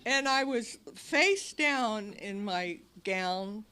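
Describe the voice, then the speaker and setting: A woman's voice: mid-range voice, expressive, very slow, bright, forceful tone, clear, resonant tone. A woman telling her recovery story to an audience in a meeting hall, animatedly acting out her past cries and other people's lines. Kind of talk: personal recovery talk to an audience.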